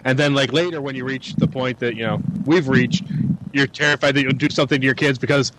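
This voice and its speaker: A man's voice: mid-range voice, steady tone, fast, noisy background. A man talking in casual podcast chat, with dry, wry humor. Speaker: podcast co-host, father.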